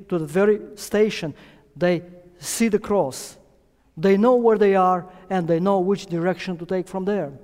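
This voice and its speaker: Earnest male preacher in a reverberant church. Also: darkish tone. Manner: earnest, rises in pitch and force for emphasis. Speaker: guest preacher. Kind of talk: sermon. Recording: long hall reverb.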